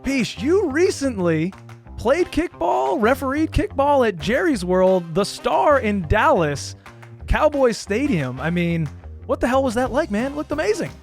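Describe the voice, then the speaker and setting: A man co-hosting a podcast, jokey and upbeat, thanking guests and reading out shout-outs. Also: extremely high pitch, big pitch swings, unhurried, faint music behind. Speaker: podcast co-host. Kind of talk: casual podcast chat with sign-offs.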